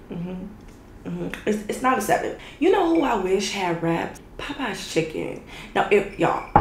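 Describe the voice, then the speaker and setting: A woman's voice: fairly low pitch, vocal fry. A young woman from Chicago chatting casually to her viewers while reviewing food, playful and full of slang. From Chicago, USA. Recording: echoey room with background noise.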